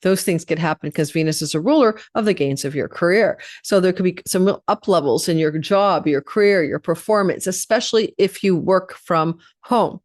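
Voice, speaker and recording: A woman's voice: lowish voice, moderate pace, few pauses, no echo, clean studio sound. A woman astrologer giving a casual monthly horoscope forecast, chatty and rambling, often correcting herself mid-sentence.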